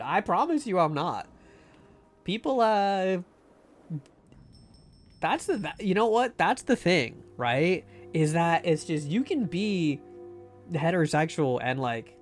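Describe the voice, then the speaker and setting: Guy streamer joking around, lots of um and you know, bit of music in the back. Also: fairly high pitch. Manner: rambling, joking, lots of fillers and restarts. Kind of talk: casual live-stream chat.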